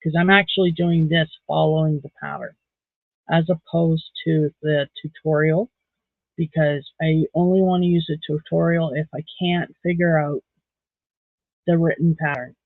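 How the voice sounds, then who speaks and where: A man's voice: a little high, steady tone, normal speed, vocal fry, no room sound. Man, live-stream crochet chat, counts stitches aloud, greets viewers, dry tinny sound. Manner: chatty, counts stitches aloud under the breath.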